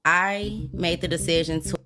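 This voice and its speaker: A mother calmly recounting a personal story in a video clip, in a measured, matter-of-fact way. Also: fairly low pitch. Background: guitar music.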